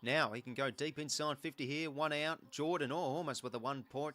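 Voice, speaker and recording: A man with an Australian accent hosting a live football watch-along, calling the play in an excitable, chatty way. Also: fairly high pitch, fairly quick, hardly any pauses. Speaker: host.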